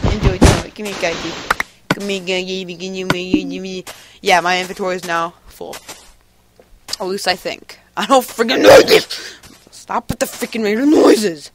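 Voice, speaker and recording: A man's voice: high-pitched, a little fast. A male gamer rambling hyperactively over his gameplay, giggling and making random noises. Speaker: gameplay commentator. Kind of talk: casual let's-play commentary. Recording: noisy home recording.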